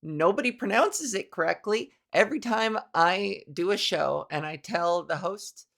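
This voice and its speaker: A woman's voice: medium pitch, expressive, a little slow, vocal fry, fairly bright tone. A woman comedian hosting her own podcast, talking in a playful, rambling monologue full of crude jokes.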